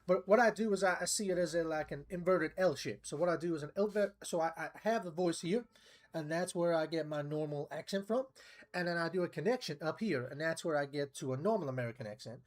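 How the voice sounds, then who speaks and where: A man's voice: a little high, fast talker. Chatty British man streaming a game. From United Kingdom. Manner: chatty, swearing, laughs often. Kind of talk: casual gaming commentary.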